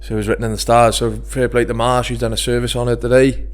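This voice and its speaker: A man's voice: mid-range voice, little pitch movement, quick pace, faint music behind. A man co-hosting a podcast, telling jokey stories with crude banter. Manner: jokey, crude banter, does sound effects. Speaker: podcast co-host. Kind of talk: casual chat.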